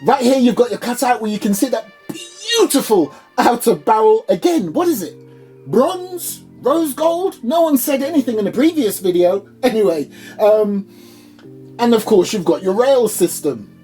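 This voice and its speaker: A man doing an upbeat, high-pitched reviewer persona, playfully showing off a product in his small home studio. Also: very animated, moderate pace, dark tone, faint music behind. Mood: enthusiastic. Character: chirpy high-voiced male gun reviewer persona.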